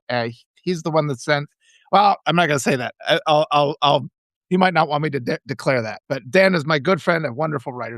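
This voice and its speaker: A middle-aged man hosting a casual live stream, talking in a rambling, animated way with many restarts and laughs. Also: a little high, no room sound, studio quality. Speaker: author and live-stream host.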